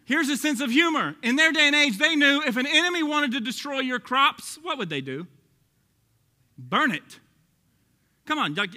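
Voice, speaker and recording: A male pastor with a Texas accent preaching an animated, joking sermon, acting out quoted voices and sometimes shouting. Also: high-pitched.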